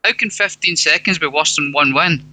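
A man's voice: on the high side, normal speed, pushed and bright, poor audio. A man making his case as a podcast panel guest, argumentative and using worked examples. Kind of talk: casual panel chat.

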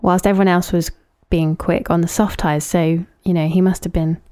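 A woman's voice: lowish voice, steady tone, normal speed, mellow. A woman co-hosting a casual chat podcast, recapping events and reading out lists of names. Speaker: podcast co-host.

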